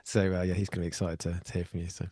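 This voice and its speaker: A man from Wales, hosting a podcast and asking rambling, animated questions. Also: deep voice, rapid-fire, dry recording, studio quality. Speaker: podcast host. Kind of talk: casual podcast interview.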